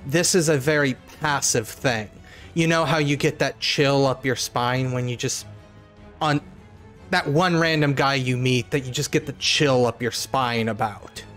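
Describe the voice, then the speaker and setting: A man narrating as storyteller in a tabletop horror game, speaking in a measured way with pauses. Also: mid-range voice, fairly bright tone, faint music behind.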